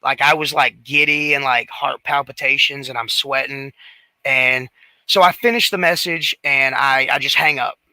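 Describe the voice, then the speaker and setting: A man's voice: medium pitch, fairly even intonation, moderate pace, bright, forceful tone, no echo, low-quality recording. A man co-hosting a casual talk show, telling a rambling story with lots of restarts and fillers. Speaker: podcast co-host.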